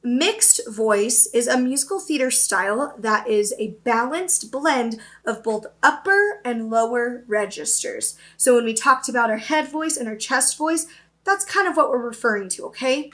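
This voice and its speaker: A woman's voice: a little high, lively intonation, a little slow, fairly bright tone. A young woman teaching an upbeat virtual voice lesson, explaining terms and checking in with her students. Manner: upbeat, explains then demonstrates, often checks with "okay?".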